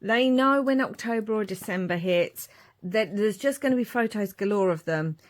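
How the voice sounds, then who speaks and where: A woman's voice: medium pitch, normal speed. Woman, forties, casual crafting show-and-tell, rambling asides. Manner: chatty, rambling, warm asides. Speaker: crafting vlogger.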